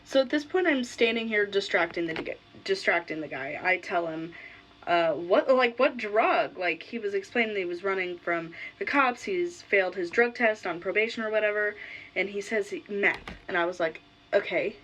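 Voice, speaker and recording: Young woman vlogger, casual blunt storyteller, middle pitch, slight background noise. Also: lively intonation, normal speed, fairly bright tone, rough recording.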